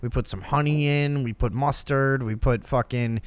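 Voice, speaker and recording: A man hosting a talk show, telling a crude story in a profane, animated way. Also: medium pitch, normal speed, clear, resonant tone, no echo. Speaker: podcast host.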